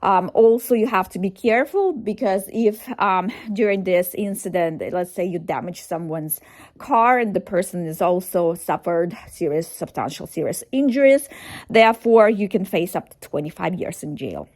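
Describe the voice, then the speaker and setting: A woman's voice: on the low side, lively intonation, normal speed, darkish tone. Hesitant woman lawyer, many fillers. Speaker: defense attorney. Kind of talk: informational video to camera.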